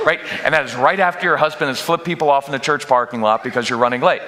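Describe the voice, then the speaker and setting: Bright-voiced man speaking in a reverberant church hall. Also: fairly high pitch, a little fast, hardly any pauses. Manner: energetic, jokey, acts out quoted parents and kids. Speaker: guest parenting speaker. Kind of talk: live workshop talk to a church audience. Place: church auditorium.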